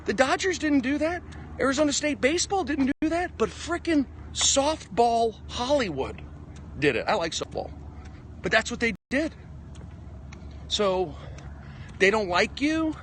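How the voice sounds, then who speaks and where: A stand-up comedian livestreams a rambling monologue on his phone while walking outdoors, his voice very high-pitched and a little slow with long pauses. He's excitable and emphatic, hopping from topic to topic, with slight background noise around him.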